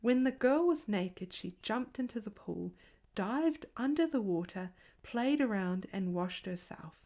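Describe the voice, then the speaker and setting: A woman reading an old folk tale aloud as a bedtime story, soft and unhurried, lifting her voice lightly for the characters' lines. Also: mid-range voice, expressive.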